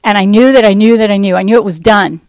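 A woman giving a personal faith testimony to a church audience, telling her story in a rambling, animated way and acting out what people said. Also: mid-range voice, fast talker, no echo, poor audio. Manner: animated storytelling that acts out quoted speech; rambling, with fillers and restarts. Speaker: Christian ministry speaker.

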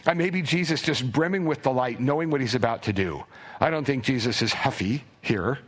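A male pastor delivers a sermon in a loose, conversational way, often restarting his sentences. His voice sits at a middle pitch, and he sometimes sinks into a hushed near-whisper to drive a point home. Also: fairly quick, husky. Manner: conversational, with frequent stammered restarts.

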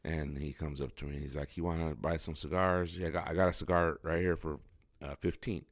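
A man's voice: a bass voice, steady tone, a little fast, no room sound, clean studio sound. A man hosting a podcast, telling a rambling casual story and acting out the voices of people in it. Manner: rambling, acts out quoted dialogue with voices. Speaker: podcast host. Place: home studio.

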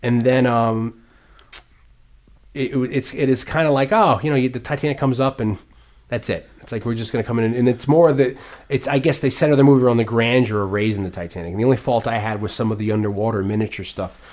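In a casual film discussion, a man with a mid-range voice rambles at length. Growing animated, he swears a lot and drops into quick character voices while recounting the movie.

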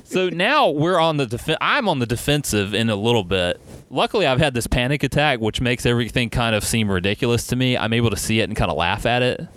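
A man in casual chat, telling an animated, swearing story with laughs. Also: mid-range voice, fast talker, a little hiss or hum. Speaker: podcast storyteller.

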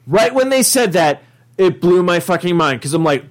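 A man co-hosting a podcast, talking casually and excitably, swearing a lot and acting out scenes. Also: sits high, normal speed. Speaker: podcast co-host. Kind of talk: casual chat.

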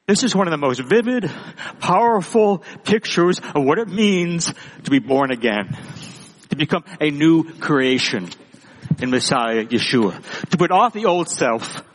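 A pastor preaching a sermon with emphatic, repeated phrases. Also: male voice, a little high, sing-song, unhurried, long reverb tail, low-quality recording.

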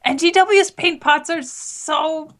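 A woman's voice: high voice, takes it slowly, fairly bright tone. A woman co-hosting a casual hobby podcast, complaining in a playful, ranting way. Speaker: podcast co-host. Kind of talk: casual chat.

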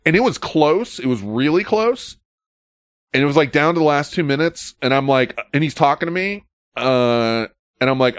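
A man's voice: mid-range voice, normal speed, dry recording, studio quality. A man in his fifties hosting a podcast, telling a story casually, profanely, and acting out the dialogue. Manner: animated, profane, acts out quoted dialogue. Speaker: podcast host.

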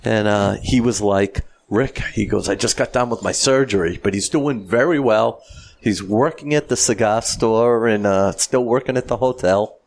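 A man's voice: lowish voice, vocal fry. Jovial man hosting a cigar podcast. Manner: jovial, quick to laugh. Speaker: podcast host. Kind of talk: casual chat, cigar review.

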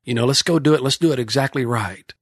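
A man's voice: mid-range voice, fast talker, breathy edge, no echo, clean studio sound. Folksy Texan man telling stories. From Texas. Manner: folksy, rambling storyteller. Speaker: horse trainer. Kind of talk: casual podcast storytelling.

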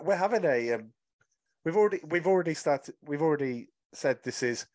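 A man with a mid-range voice co-hosts a casual podcast chat. He is teasing and enthusiastic, and he presses his arguments with eager energy. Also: mid-range voice.

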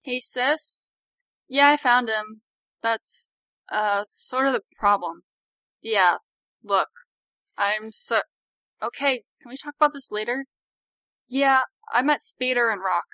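A woman doing a brash young superheroine with a bright, slightly raised voice, quick to swear and quick to plead. She sounds dry and close, read in an expressive storybook style. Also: fairly high pitch, dry recording. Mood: casual phone chat.

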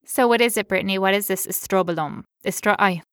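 A woman's voice: medium pitch, quick pace, smooth, dry recording, studio quality. A woman co-hosting a health podcast, teasing her partner and acting out silly bits. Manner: jokey, teasing, acts out silly scenes. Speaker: podcast co-host. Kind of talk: playful health chat.

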